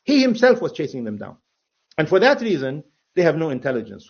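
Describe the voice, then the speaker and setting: A man's voice: fairly high pitch, huge pitch swings, brisk, breathy edge, highs cut off. A man speaking as an interview guest and political commentator, sarcastic and mocking, often breaking into laughter. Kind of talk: conversational interview.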